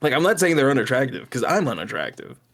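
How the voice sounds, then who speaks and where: A man's voice: medium pitch, big pitch swings, fast, fairly bright tone. A young man co-hosting a podcast in casual chat. He laughs often and swears freely. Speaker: podcast co-host.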